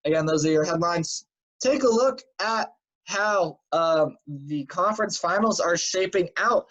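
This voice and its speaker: A man with a slightly high voice recaps the week's games in a chatty, rambling way, full of fillers. He sounds tired. The sound is dull and lo-fi, like a cheap home recording. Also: unhurried, fairly bright tone. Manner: chatty, filler-heavy, offhand predictions. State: tired and yawning. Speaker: sports show host. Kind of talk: casual sports news recap.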